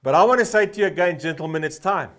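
A man in his fifties delivers a fervent sermon in a fairly high voice. He tells personal stories loosely, full of "uh" fillers, then drives his point home by repeating one short phrase again and again. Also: fast, fairly bright tone. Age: 50s. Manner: storytelling with frequent "uh" fillers. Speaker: pastor.

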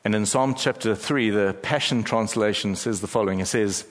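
A middle-aged male pastor preaches with a fairly low voice and a storyteller's sense of timing. He stretches out key phrases and pauses for weight. The sound rings with the long reverb of a large church hall. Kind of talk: sermon.

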